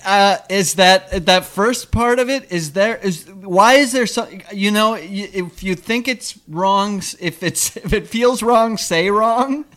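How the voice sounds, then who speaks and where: Guy hosting a comedy pod, stammers a lot, laughs between words, kinda high voice. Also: fairly bright tone. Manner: halting, stammering, giggly. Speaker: podcast host. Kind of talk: casual comedy podcast chat.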